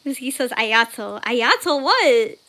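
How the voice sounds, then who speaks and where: A woman's voice: fairly high pitch, sing-song, slow pace, sharp tone. A young woman hosting an art livestream, casually chatting and reading chat messages aloud, laughing often and squealing when surprised.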